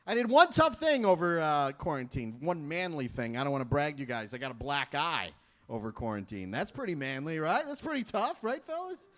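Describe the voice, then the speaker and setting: A man in his thirties doing a stand-up comedy set, self-deprecating and jumping into loud voices when quoting people. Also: on the high side, big pitch swings, fairly quick.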